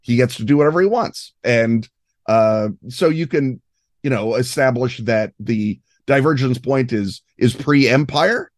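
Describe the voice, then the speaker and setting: A man talking as a guest on a gaming podcast, erudite and expansive, with a scattering of fillers. His mid-pitched voice is recorded close and dry. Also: unhurried, no echo. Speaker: guest game designer. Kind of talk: podcast interview.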